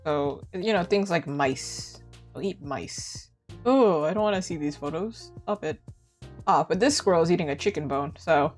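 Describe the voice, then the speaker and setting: A young woman from Canada, an art streamer, chatting casually and giggling as she talks. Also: moderate pace. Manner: chatty and giggly, lively swings in pitch. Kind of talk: casual live-stream chat. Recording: faint music behind.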